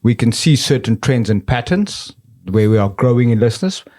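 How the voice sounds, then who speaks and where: A man's voice: medium pitch, animated, moderate pace, a little mellow. A man with an ordinary mid-range voice co-hosting a business podcast. He speaks frankly and earnestly, circling back on his phrases as he thinks aloud. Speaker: podcast co-host. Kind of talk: casual podcast talk.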